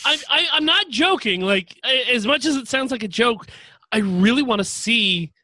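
High bright guy on a podcast, rambles and stumbles, dry close sound. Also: animated, moderate pace, dry recording. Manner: rambling, repeats words when starting. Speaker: podcast co-host. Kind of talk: casual chat.

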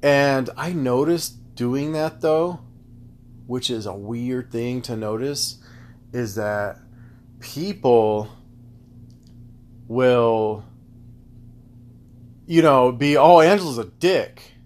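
A man hosting a casual solo podcast, rambling through tangents in a loose, profane, animated way. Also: mid-range voice, drawn-out words, long pauses. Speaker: podcast host.

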